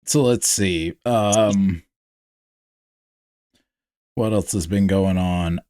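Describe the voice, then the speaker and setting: A man from North Georgia with a Southern accent, hosting a podcast in relaxed, rambling casual chat. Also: low voice, very slow, clear, resonant tone. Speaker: podcast host.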